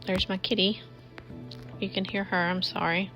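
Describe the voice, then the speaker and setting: A woman's voice: medium pitch, flat delivery, moderate pace, a bit bright. A woman, chatting casually to viewers while cleaning her home kitchen. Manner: chatty, addresses viewers as y'all. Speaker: cleaning vlogger. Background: faint music.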